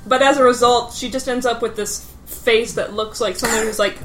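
A woman's voice: a little high, fairly even intonation, normal speed, background noise. A woman playing in a tabletop game, describing her character playfully. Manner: playful, laughing often. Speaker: player. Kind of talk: casual tabletop game chat. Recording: roomy, others talking.

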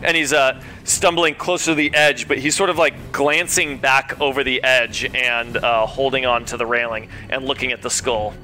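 Bright-voiced man as game master. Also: mid-range voice, fairly even intonation, normal speed, few pauses, faint music behind. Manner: easygoing, narrates and calls for rolls. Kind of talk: narrating a tabletop game.

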